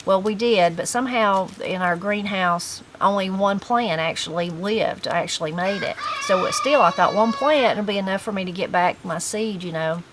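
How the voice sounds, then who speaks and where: A woman's voice: medium pitch, moderate pace, hardly any pauses, background noise. A middle-aged woman with an Appalachian accent, telling folksy, rambling stories in casual chat. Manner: rambling, folksy storytelling with fillers. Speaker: host.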